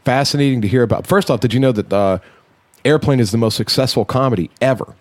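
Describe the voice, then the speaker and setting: A man's voice: mid-range voice, quick pace, dry recording. A man hosting a casual podcast, rambling and restarting his sentences, cursing now and then. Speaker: podcast host.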